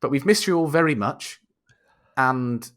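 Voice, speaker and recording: With a mid-range, slightly bright voice and lively intonation, a young adult man speaks at a measured pace. He co-hosts a laid-back podcast over a video call, full of banter, jokes, and plenty of laughter.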